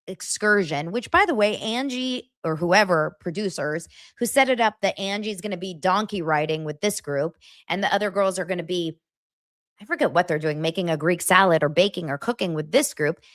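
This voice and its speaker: A woman hosts a chatty podcast, recapping reality TV with animated, gossipy energy. Her pitch swings widely, and she often jumps into high, mocking impressions. The sound is dry and close to the mic. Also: normal speed, no echo. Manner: animated, gossipy, mimics cast members in high voices. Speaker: podcast host.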